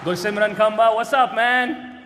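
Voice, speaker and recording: A young man, performing a stand-up roast set and shouting his punchlines brashly. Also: high voice, steady tone, measured pace. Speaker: roast comedian. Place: large indoor stage venue. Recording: live hall with reverb and crowd noise.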